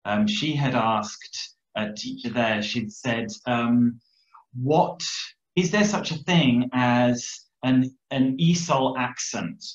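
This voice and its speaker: A man's voice: medium pitch, takes it slowly. A man hosting an online interview, reading out audience questions with hesitant phrasing and many fillers. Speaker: interview host. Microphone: video call. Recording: dull, roomy video call audio.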